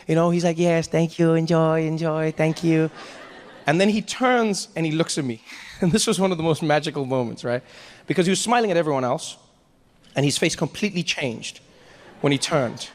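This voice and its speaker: A man's voice: fairly high pitch, expressive, a little fast, big-room sound. A man from Africa performing stand-up comedy, telling a story conversationally with many asides.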